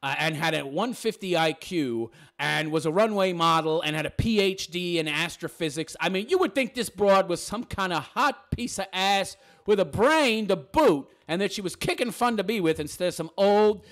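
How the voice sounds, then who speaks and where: A man's voice: sits high, moderate pace, few pauses, a bit bright. A man hosting a reaction commentary, reading and mocking a text in a sarcastic, crude, derisive way. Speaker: commentary channel host.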